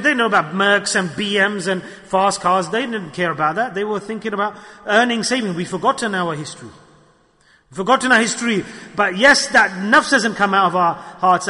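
Brief: impassioned male preacher, high bright voice, hall reverb. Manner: impassioned, acts out excuses in mocking voices. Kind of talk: sermon.

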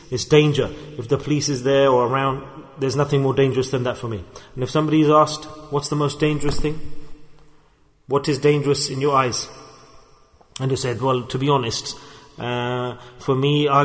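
A man giving a sermon in a mosque, telling stories and acting out the voices of the people in them. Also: medium pitch. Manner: storytelling, acts out quoted voices. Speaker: religious teacher. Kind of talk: sermon with acted examples. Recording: long hall reverb.

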